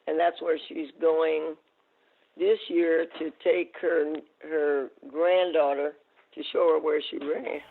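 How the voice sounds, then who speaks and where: Lively older woman on a phone line. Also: low voice, slow. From United States. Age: 80s. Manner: animated storyteller, acts out quoted exchanges. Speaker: guest, masters sprinter. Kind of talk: casual storytelling interview. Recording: tinny phone-line audio.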